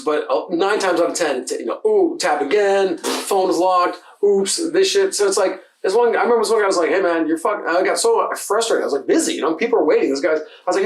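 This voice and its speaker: A man co-hosting a podcast, telling bartending stories in a fast, profane, casual way. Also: sits high, distant mic. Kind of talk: casual chat. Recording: roomy sound from off-mic.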